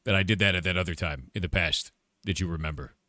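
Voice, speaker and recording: A man's voice: sits low, fast talker, sharp tone, no echo, studio quality. A man voicing a smug male villain who keeps bragging about his past evil deeds, in a whiny, repetitive way.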